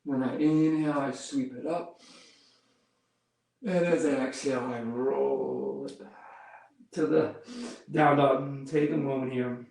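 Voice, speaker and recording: A man leading a yoga class, giving calm step-by-step cues while he demonstrates the poses and counts breaths. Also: mid-range voice, takes it slowly, vocal fry, long pauses. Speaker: yoga instructor. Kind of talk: guided yoga class instruction. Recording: roomy echo, mic far off.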